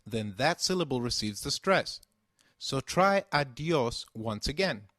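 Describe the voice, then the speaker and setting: A man's voice: mid-range voice, a bit bright, dry recording, clean studio sound. A man giving a scripted language lesson, patiently saying phrases and asking the listener to repeat them. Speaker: language teacher.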